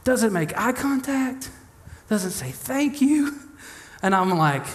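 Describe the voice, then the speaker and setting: A young adult man preaching a sermon in an animated, humorous way, acting out the voices of the people he quotes. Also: high-pitched, moderate pace. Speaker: pastor.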